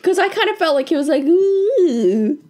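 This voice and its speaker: A woman's voice: very high voice, very fast. A woman co-hosting a podcast in casual chat, giggling often and playful. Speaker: podcast co-host.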